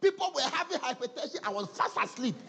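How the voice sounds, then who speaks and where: A man preaching a humorous sermon, telling animated stories and acting out conversations. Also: very high-pitched, quick pace, slight background noise. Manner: animated storytelling, acting out dialogues with laughter.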